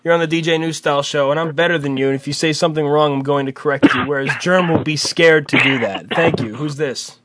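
A man's voice: on the high side, heavy background noise. A man hosting a call-in radio show, teasing his co-host and joking around in casual banter. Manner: teasing, quick to joke and laugh.

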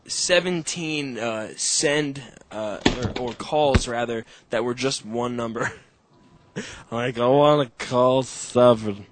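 A man's voice: mid-range voice, fairly bright tone. A man in a casual chat with friends, joking, swearing freely and laughing often.

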